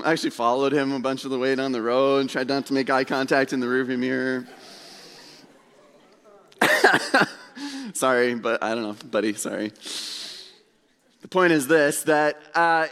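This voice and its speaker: A man preaching a sermon as pastor in a church, telling a story in a relaxed, conversational way with self-deprecating humor. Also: a little high, clean tone. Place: church sanctuary. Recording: long hall reverb.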